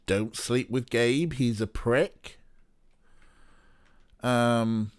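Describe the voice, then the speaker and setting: A man's voice: medium pitch, drawn-out words, clear, resonant tone, dry recording. A Welsh man chatting casually and swearing now and then while streaming a game. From Wales. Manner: chatty, swears, laughs easily. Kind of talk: casual let's play chat.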